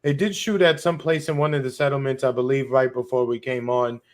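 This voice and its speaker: A man's voice: mid-range voice, fairly even intonation, fairly quick. A man co-hosting a political podcast, speaking bluntly in casual slang with a sarcastic edge. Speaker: podcast co-host.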